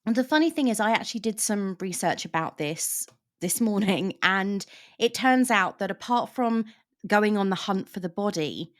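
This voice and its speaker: A woman discussing a novel in relaxed conversation, explaining points carefully. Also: mid-range voice, moderate pace. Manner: explanatory, thoughtful. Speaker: book discussion host. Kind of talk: casual book chat.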